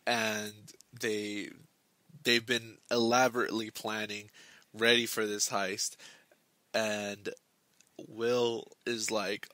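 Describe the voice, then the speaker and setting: Slow-talking young man with a bright voice. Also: on the low side, little pitch movement, no echo. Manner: rambling, halting, many restarts and fillers. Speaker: book club host. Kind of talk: casual book discussion.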